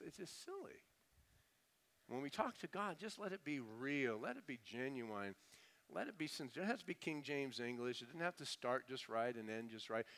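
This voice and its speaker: A man's voice: medium pitch, a bit bright. A man preaching a sermon in a conversational, humorous way, mocking pompous prayer voices before turning earnest. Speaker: pastor.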